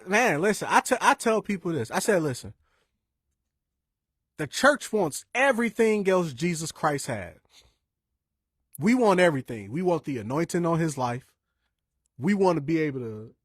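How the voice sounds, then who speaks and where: A young man, telling stories in a lively, informal preaching style. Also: on the high side, measured pace, pauses often, no echo, studio quality. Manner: lively, animated storytelling with quoted voices and restarts. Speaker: speaker sharing church stories.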